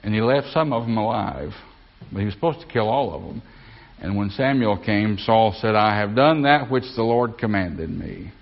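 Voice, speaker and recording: Low-voiced man preaching a sermon. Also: normal speed, dull audio. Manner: folksy, asks congregation for amens. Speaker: pastor.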